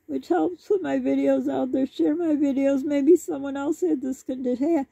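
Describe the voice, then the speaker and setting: A woman's voice: high-pitched, fairly even intonation, moderate pace, vocal fry, warm tone, no echo. A woman vlogger talking to her viewers in a rambling, apologetic way. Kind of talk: casual chat to camera. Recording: dull lo-fi dry recording.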